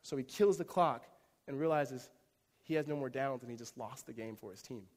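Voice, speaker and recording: A man preaching a sermon as pastor, telling a story with growing energy and then dropping to a soft, close tone. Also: medium pitch, moderate pace. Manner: animated storytelling, rising loud in climaxes, hushed in tender moments. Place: church sanctuary. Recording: reverberant church hall.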